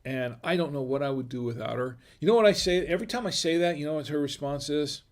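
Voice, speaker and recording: A middle-aged man hosts a wine review livestream, his voice a little high and his pace fast. He chats casually, rambling off on tangents and chuckling often.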